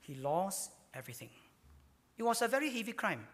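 Male pastor, emphatic sermon delivery, voice a touch high, hall echo. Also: big pitch swings, fairly quick. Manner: emphatic preaching, with sudden swings between loud and hushed. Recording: hall reverb.

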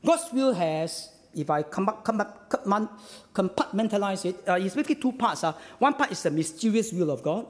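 A man preaching a sermon as a pastor, emphatic, repeating his phrases and pausing on "uh" fillers. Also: sits high, expressive, in a large hall.

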